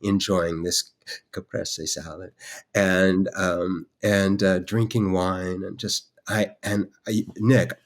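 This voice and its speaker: A man, a guest artist on a podcast, telling an animated, self-deprecating story with frequent restarts. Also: low voice, slow pace.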